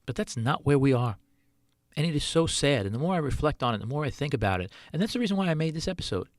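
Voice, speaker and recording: A man's voice: a little high, lively intonation, fast, no room sound, clean studio sound. A middle-aged man, a chef hosting his own podcast, talking earnestly in a solo monologue full of rhetorical questions.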